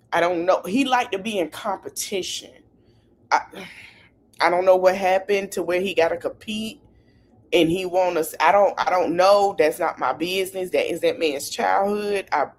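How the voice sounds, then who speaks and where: A woman hosting a podcast, talking in animated, casual gossip and hedging her claims. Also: fairly low pitch, slight background noise. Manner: animated, repeatedly hedging with "allegedly". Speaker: podcast host.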